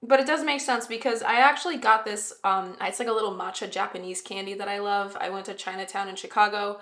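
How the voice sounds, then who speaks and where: A woman with a bright, sharp voice talks through a tarot reading in a loose, chatty way, hedging and correcting herself as she goes. She sounds like she is in an echoey room at home. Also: medium pitch, fairly even intonation, quick pace, few pauses. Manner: chatty, rambling, self-correcting, with fillers. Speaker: tarot reader. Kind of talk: casual spoken tarot reading to camera. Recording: roomy echo.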